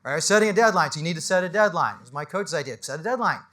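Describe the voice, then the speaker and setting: A man, a business coach, gives an animated motivational talk to a live audience in an event space, firing off rhetorical questions and tagging lines with "right?". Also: on the high side, rapid-fire. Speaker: business coach speaking on a panel.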